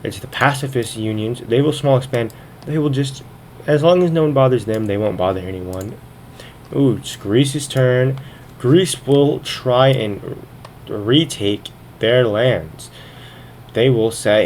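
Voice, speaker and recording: A man's voice: medium pitch, measured pace, a little mellow, a little hiss or hum. A man casually commenting on a strategy game, thinking aloud as he narrates each turn, sometimes a little out of breath. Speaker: gaming video host.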